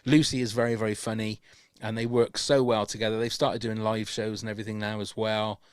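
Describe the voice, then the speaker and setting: A man's voice: fairly low pitch, level tone, a little fast, clean tone, no room sound, studio quality. A man hosting a podcast, chatting with enthusiasm and lots of restarts. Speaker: podcast host. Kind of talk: casual podcast chat.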